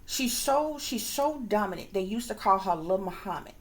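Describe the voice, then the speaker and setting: A woman, a psychic reader, telling a long story to her viewers in a rambling, emphatic way, swearing freely and sometimes dropping to a hushed whisper. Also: mid-range voice, lively intonation, moderate pace. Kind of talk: casual storytelling monologue to viewers.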